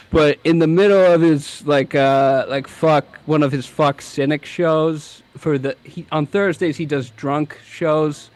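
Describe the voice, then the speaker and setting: A man's voice: mid-range voice, little pitch movement, a little slow, no room sound. A man, a comic writer, talking as a guest in casual chat, rambling with hesitant restarts and mocking quotes.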